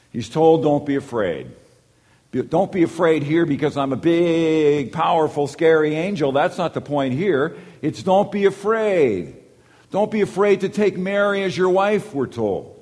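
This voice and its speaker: A man preaching a sermon, moving between quiet, low asides and loud, emphatic lines. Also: animated, moderate pace. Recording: long hall reverb.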